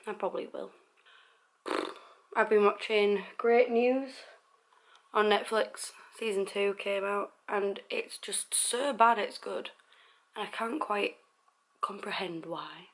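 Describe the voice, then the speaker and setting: A woman's voice: medium pitch, steady tone, a little slow, pauses often. Chatty young woman vlogging at home. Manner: chatty, giggly and self-deprecating. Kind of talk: casual vlog chat to camera. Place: at home indoors.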